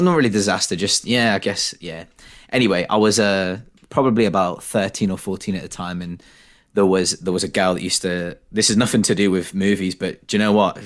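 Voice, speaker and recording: Young british guy chatting on a podcast, kinda low voice, rambly and self-deprecating. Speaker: podcast co-host. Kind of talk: casual chat.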